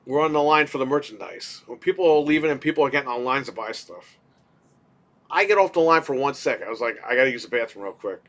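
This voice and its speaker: Podcast guy rambling a story, kinda high voice, cursing, acting out the quotes. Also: fast. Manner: animated, swears casually, acts out quotes. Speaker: podcast co-host. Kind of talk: casual storytelling chat.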